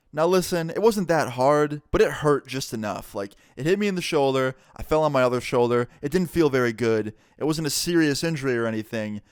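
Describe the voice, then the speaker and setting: A man's voice: no room sound, clean studio sound. A young man telling a storytime about being wronged, casual and full of swearing, his voice jumping up when he gets worked up. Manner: animated, swears a lot, rises in pitch when riled. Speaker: storytelling vlogger.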